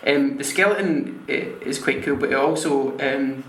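A man's voice: medium pitch, moderate pace, a bit bright. A Scottish man in casual chat, rambling and restarting his sentences. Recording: echoey room with faint noise.

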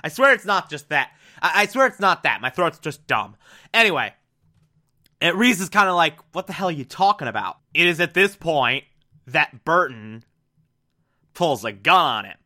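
A man's voice: fairly high pitch, sing-song, moderate pace, pushed and bright. A man giving an enthusiastic, casual recap and review of a TV episode, with sudden asides and the odd swear.

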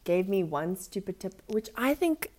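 A woman's voice: mid-range voice, very animated, moderate pace, a little mellow. A woman co-hosting a casual podcast, a little drunk, talking animatedly and swearing freely over her friend. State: tipsy. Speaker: podcast co-host.

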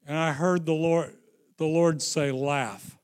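A man preaching a sermon, slow and emphatic, dropping into hushed storytelling and rising again for emphasis. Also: fairly high pitch, little pitch movement, smooth. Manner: slow, emphatic, swings into sung and shouted phrases.

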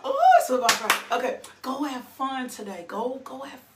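A woman hosting a devotional, preaching fervently with bursts of shouted praise and laughter. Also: high voice, normal speed, very noisy. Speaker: devotional host. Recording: echoey room, mic at a distance.

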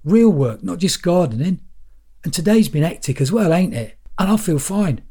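A man's voice: on the high side, very animated, moderate pace, dark tone, husky, voice pushed up. A man voicing a chatty, hopeful friend with a casual, coaxing manner in an audiobook. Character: cheerful hopeful British man, the narrator's friend.

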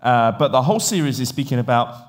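A man's voice: medium pitch, quick pace. A male pastor from Italy with an English accent, preaching a sermon in a chatty storytelling manner. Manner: chatty, animated storytelling with frequent fillers. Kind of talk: sermon with podcast intro.

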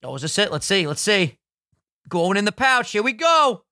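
A man's voice: high voice, big pitch swings, normal speed, bright, forceful tone, no room sound. A man co-hosting a podcast in casual, crude, joking banter, close to the mic. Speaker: podcast co-host.

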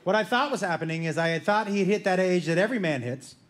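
A man doing a stand-up comedy routine, telling a story with animated energy and acting out the voices of the people in it. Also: sits high, fast. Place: comedy club stage before a laughing audience. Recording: roomy live club sound with noise.

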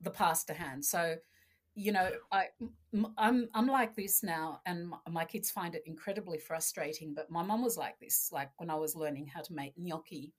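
A woman from Argentina, a podcast guest telling family stories in a casual, animated way and acting out voices. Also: on the low side, normal speed, breathy edge. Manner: animated storyteller, acts out voices. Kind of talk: casual interview chat.

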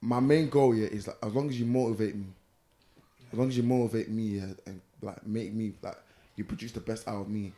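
A man's voice: on the low side, fairly even intonation, brisk, warm tone. A twenty-year-old man, chatting casually with friends in a group, laid-back and full of slang. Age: 20s.

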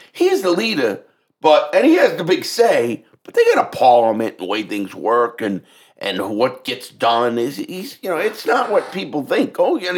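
A podcast co-host talking politics in casual chat, blunt and swearing a lot. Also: male voice, mid-range voice. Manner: blunt, heavy swearing, animated.

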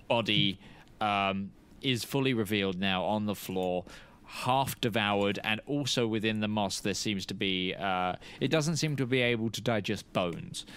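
A man narrating as game master of a tabletop game, pausing often and searching for words. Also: lowish voice, fairly bright tone, clean tone. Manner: halting, searching for words with many fillers.

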